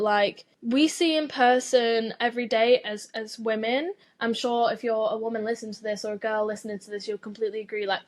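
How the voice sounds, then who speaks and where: A young woman hosting a solo podcast, ranting in a casual, animated way, swearing freely and filling her talk with "like". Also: on the high side. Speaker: podcast host.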